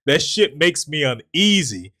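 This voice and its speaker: A young man co-hosting a casual movie review chat, retelling scenes in an animated way and swearing often. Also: a little slow. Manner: animated retelling, puts on low voices for quotes, swears often. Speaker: podcast co-host.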